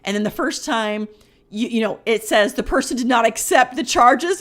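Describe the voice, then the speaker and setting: A woman's voice: a little high, animated, moderate pace, fairly bright tone. A middle-aged woman co-hosting a podcast, telling a story in casual chat and acting out her own panicked quotes. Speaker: podcast co-host.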